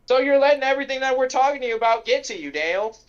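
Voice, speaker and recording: A high-pitched man argues in a gaming voice chat, firing off questions and swearing freely. His voice comes through dull and muffled, like a lo-fi chat recording. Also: expressive, clean tone. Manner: argumentative, rapid-fire, swears a lot. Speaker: gamer in a voice chat. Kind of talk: heated casual banter.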